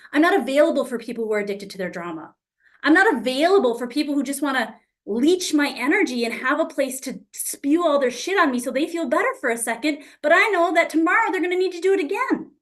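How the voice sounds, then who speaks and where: A woman coach with a fairly high voice talking casually to her group. She is candid and blunt, swears freely, and throws herself into acting out both sides of conversations as she teaches. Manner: lively, acts out quoted exchanges.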